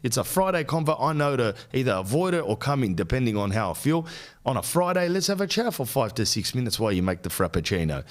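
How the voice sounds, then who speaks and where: An Australian podcast host, a young adult man, in a crude, rambling, mock-outraged comedic rant. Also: mid-range voice.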